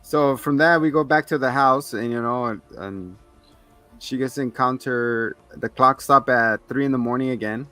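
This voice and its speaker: A man's voice: mid-range voice, normal speed, pushed and bright, faint music behind. A man hosting a casual movie chat podcast, retelling scenes and acting out characters in voices. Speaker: podcast host. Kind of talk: casual movie review banter.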